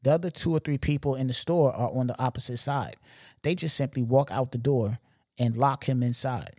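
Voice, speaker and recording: A man's voice: mid-range voice, fairly quick, no echo. Slangy storytelling man, dry sound. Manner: animated, slangy, emphatic retelling with repeated asides. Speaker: podcast host. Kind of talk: casual storytelling monologue.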